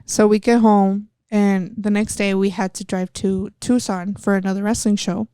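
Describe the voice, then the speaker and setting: A woman's voice: medium pitch, little pitch movement, moderate pace, mellow, clean tone, no room sound. A young woman from Texas, a professional wrestler, telling a personal story step by step in a candid interview. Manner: earnest, retelling events step by step.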